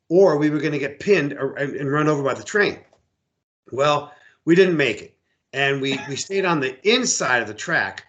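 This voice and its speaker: Animated storytelling American man. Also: a little high. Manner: animated yarn-spinner, acts out quoted voices, repeats words. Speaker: outfitter and hunting guide, guest. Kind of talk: casual storytelling interview.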